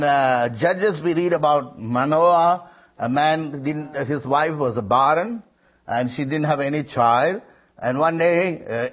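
A man preaching a sermon, emphatic and rising on quoted lines, with frequent hesitations. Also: fairly high pitch. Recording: muffled lo-fi recording.

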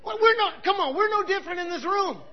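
Pastor, male, very high voice, bold conversational sermon delivery, dull lo-fi recording. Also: fast talker. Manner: bold, conversational preaching with frequent "right?" asides; swings from loud exclamations to quiet asides.

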